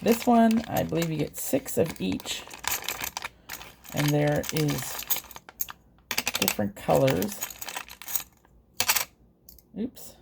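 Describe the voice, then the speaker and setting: A woman's voice: deep voice, expressive, takes it slowly, creaky, long pauses, background noise. A woman vlogger chatting casually and hesitantly as she unboxes and reviews craft supplies. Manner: chatty, hesitant, with fillers and self-corrections.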